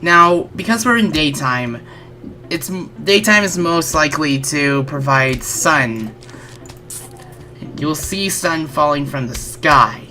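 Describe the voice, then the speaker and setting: A woman's voice: low voice, slow pace, bright, forceful tone. A woman with a stuffy, slightly congested voice giving rambling, self-correcting let's-play commentary on a game as a channel host.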